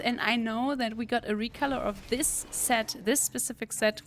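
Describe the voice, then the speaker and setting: Young woman host, a touch higher voice, relaxed playful game commentary with light laughs. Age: young adult. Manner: chatty, playful, laughs often. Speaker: gaming video creator. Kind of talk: casual gameplay commentary.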